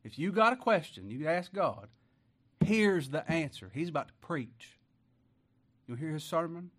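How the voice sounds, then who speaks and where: Folksy, emphatic preacher man. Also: lively intonation. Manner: swings from loud, slow scripture reading to quiet, low asides; folksy, emphatic, asks rhetorical questions. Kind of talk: sermon with scripture reading.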